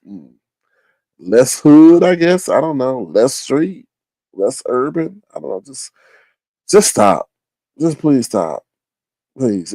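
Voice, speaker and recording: Sassy, teasing man with a lively gravelly voice. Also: no echo. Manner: sassy, teasing, exaggerated high-pitched mock voices. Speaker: host. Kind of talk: casual live-stream commentary.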